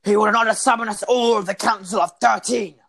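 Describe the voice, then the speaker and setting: A man's voice: high-pitched, fairly even intonation, brisk, gravelly, a bit bright, voice pushed up, heavily acted. A man voicing an imperious male commander of a council, speaking in a put-on robotic voice. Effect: robotic voice, spoken.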